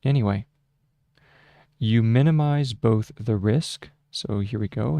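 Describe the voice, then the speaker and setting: A man talks through a screen-share tutorial at a leisurely, halting pace, full of fillers and restarts as he thinks aloud. His voice sits somewhat low. The close desk microphone gives a dry sound with no room echo. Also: dark tone. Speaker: shorthand tutorial host. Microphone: close desk microphone with a mute button.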